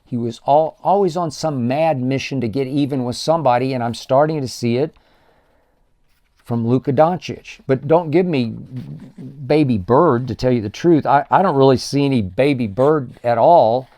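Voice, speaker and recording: An older man holds forth alone on his sports show, pressing every point with stacked, punchy superlatives. His voice sits in an unremarkable middle register, with a dark, mellow colour. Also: medium pitch, normal speed. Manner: emphatic, builds lists of punchy superlatives. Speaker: sports talk show host. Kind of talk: solo sports commentary monologue.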